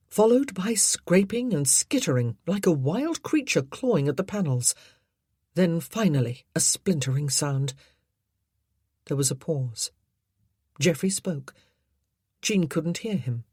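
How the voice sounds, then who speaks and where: A woman reads a period story aloud slowly, her low voice lifting and falling widely. Her tone is breathy and soft, and the recording is close and dry with no room sound. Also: no room sound. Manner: measured, expressive storytelling. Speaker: audiobook narrator. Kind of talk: scripted narration.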